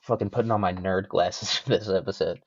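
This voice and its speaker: A man's voice: sits low, steady tone, brisk, no room sound, lo-fi sound. A young man hosting a solo podcast, rambling casually with lots of swearing and self-mocking jokes. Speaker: podcast host.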